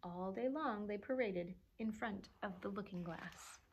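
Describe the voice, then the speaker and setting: A woman librarian reading a storybook aloud to children, expressive and animated, pausing to chuckle at the pictures. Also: medium pitch, slightly rough.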